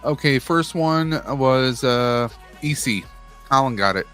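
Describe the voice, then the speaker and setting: A man's voice: mid-range voice, slow, faint music behind. A man hosting a casual charity livestream from Western New York, joking and now and then stammering over his words. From Western New York, USA. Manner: relaxed, joking, with some stammered restarts. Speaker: stream host running charity prize wheels.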